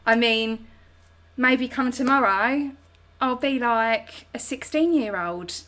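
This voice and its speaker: A bubbly, chatty woman with a British English accent talks through viewer comments on her home livestream. Her voice sits a little high, and she slips into slang and friendly asides as she goes. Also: takes it slowly, fairly bright tone, a little hiss or hum. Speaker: host. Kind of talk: casual chat reading viewer comments on a livestream.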